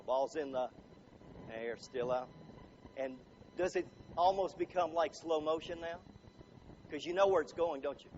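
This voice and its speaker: A man's voice: sits high, highs cut off, slight background noise. A man giving a motivational speech, telling stories with lots of laughter and throwing questions at the audience. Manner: animated, laughing often, quizzing the audience. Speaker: motivational speaker. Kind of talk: storytelling speech to a live audience.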